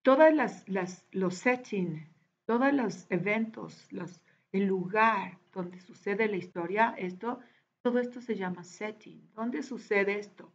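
A woman's voice: mid-range voice, normal speed, husky. A woman teacher walking her class through a reading lesson, patiently repeating words one by one. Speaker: English teacher. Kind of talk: recorded online class walkthrough. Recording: dull lo-fi recording.

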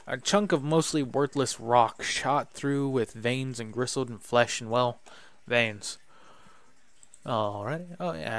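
A man talks through a Western comedy game in a loose, playful way, reading out items and muttering asides. His voice sits in a middle pitch and comes through a close, dry mic. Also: creaky, no room sound. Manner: casual, playful, mutters to himself. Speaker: gaming YouTuber. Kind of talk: let's play commentary.

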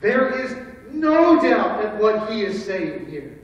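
A man's voice: sits high, big pitch swings, takes it slowly, hardly any pauses. A man preaching a sermon, retelling a Bible story in an earnest, storytelling way. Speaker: pastor. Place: church sanctuary. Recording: echoey hall from far off.

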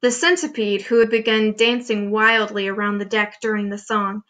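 A woman reading a chapter of a children's book aloud with expressive storytelling. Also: medium pitch, moderate pace. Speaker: reader.

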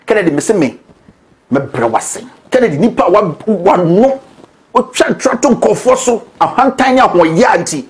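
A man's voice: sits high, lively intonation, normal speed. A man with a Ghanaian accent, hosting a political commentary show in a combative, accusatory, emphatic way. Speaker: show host.

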